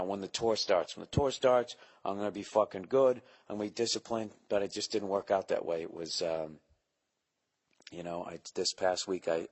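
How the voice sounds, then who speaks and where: Low husky man rambling profanely. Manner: profane, rambling, jokey storytelling; keeping voice down at home. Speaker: podcast host. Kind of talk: casual solo podcast monologue. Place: home, early morning.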